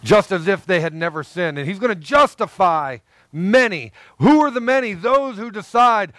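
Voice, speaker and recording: A man with a fairly high voice delivers a sermon in an earnest, conversational style. He leans on emphatic repetition and talks straight to his listeners. The sound is dry and close. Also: expressive, normal speed, few pauses, fairly bright tone, no room sound. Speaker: pastor.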